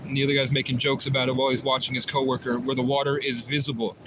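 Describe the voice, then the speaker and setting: A man's voice: medium pitch, little pitch movement, racing. A man talks at length on a livestream, circling back over the same points and restarting his sentences. His voice sits in a middle register. Faint vehicle noise hums in the background. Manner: rambling, repetitive, many restarts. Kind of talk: livestream monologue.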